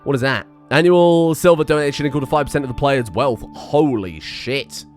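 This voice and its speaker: A man's voice: medium pitch, moderate pace, faint music behind. A man hosting a let's play, rambling and self-mocking with plenty of swearing. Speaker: gaming channel host.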